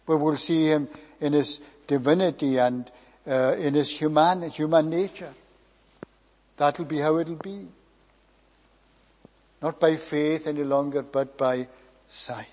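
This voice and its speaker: A man preaching a sermon, measured and emphatic, drawing out key phrases and letting line endings fall quiet. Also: fairly high pitch. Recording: long hall reverb.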